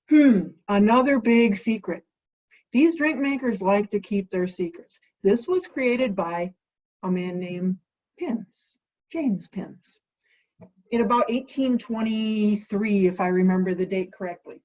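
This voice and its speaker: A woman's voice: mid-range voice, expressive, unhurried, a little mellow. Lady hosting her cocktail vlog, playful and chatty, kinda dull lo-fi sound. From United States. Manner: playful, chatty, asks and answers her own questions. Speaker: host of a home cocktail show.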